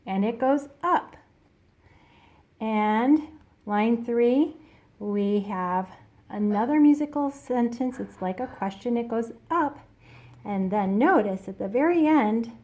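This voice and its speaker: A woman piano teacher explaining a lesson to a student in a slow, patient way. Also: on the high side. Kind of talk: recorded private lesson.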